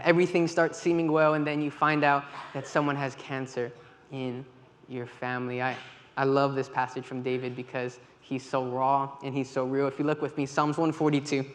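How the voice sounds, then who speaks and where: A man giving a church talk, telling lively stories with quoted dialogue. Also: medium pitch. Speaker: volunteer leader with kids. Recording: long hall reverb, faint ambience.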